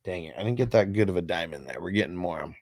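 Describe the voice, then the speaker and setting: A man's voice: low voice, lively intonation, fast talker, darkish tone, no room sound, clean studio sound. A young man hosting a casual livestream, reading out chat comments in a loose, rambling way and swearing freely. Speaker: host.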